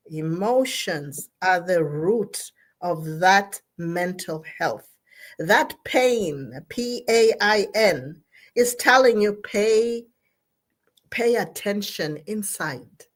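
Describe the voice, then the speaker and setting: A woman's voice: on the low side, takes it slowly. A woman, a therapist giving an emphatic motivational talk on mental health. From Zambia. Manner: emphatic, repeats and spells out key words. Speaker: therapist speaking at an online gathering.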